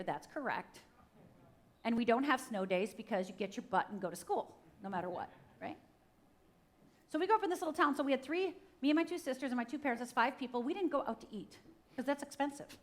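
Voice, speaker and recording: A woman's voice: a little high, lively intonation, fairly quick. A middle-aged woman from Upper Michigan giving a personal testimony talk at a church, speaking straight to the audience and acting out the voices in her story. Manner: dramatic storytelling, acts out quotes, addresses audience directly. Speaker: guest speaker. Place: church stage.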